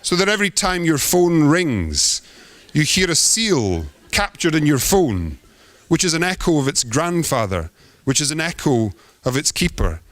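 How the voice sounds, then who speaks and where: A man's voice: a little high, very animated, measured pace, few pauses, fairly bright tone, no room sound. A man giving a theatrical, poetic performance talk as an artist on stage.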